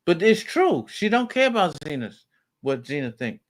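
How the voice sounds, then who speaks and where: A man in a heated family argument as a father, talking in a raised, forceful, lecturing way. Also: fairly high pitch, big pitch swings, normal speed. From United States.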